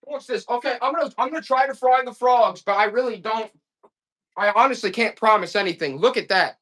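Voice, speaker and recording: A man hosting a live auction stream, talking loosely and fast to his viewers. He rambles into folksy, worked-up rants between the items he sells, tossing out "all right?" and calling people "boy". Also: extremely high pitch, bright, forceful tone. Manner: folksy, calls listeners "boy". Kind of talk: casual live-selling stream chat.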